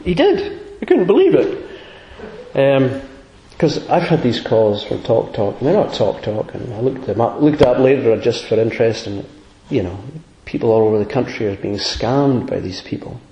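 A man's voice: on the low side, normal speed, dark tone, muffled recording. A man preaching a sermon in an earnest, conversational way, with sudden emphatic rises. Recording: echoey room.

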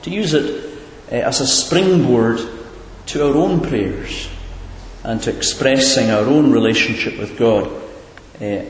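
Earnest preacher in an echoing hall. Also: male voice, mid-range voice, a little slow, a little hiss or hum. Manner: earnest, questioning, with hesitant repeats. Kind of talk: sermon. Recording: echoey hall, far from the mic.

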